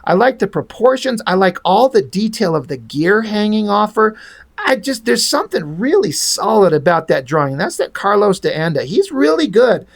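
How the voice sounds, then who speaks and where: A man's voice: high voice, very animated, normal speed, gravelly. Man hosting a casual comic review, rambling and profane, with strong opinions on the art.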